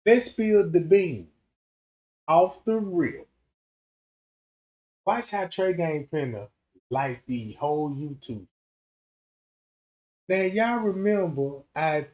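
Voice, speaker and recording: Slow-talking man on a lo-fi commentary stream. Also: on the high side, lively intonation, a little mellow. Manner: slangy, emphatic, repeats himself. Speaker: YouTube commentator.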